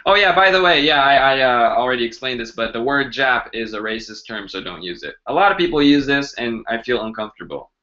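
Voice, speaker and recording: Brief: male live-stream teacher, animated delivery, bright tone, dull lo-fi audio. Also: medium pitch, fairly quick, hardly any pauses. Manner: chatty, joking, animated. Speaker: language teacher hosting a live Q&A. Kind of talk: casual live-stream lesson.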